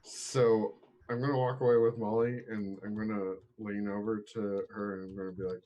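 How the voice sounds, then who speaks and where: A man's voice: fairly low pitch, level tone, moderate pace, mellow, low-quality recording. A man playing in a tabletop game, talking in a dry, wry way. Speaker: player. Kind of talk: casual tabletop play.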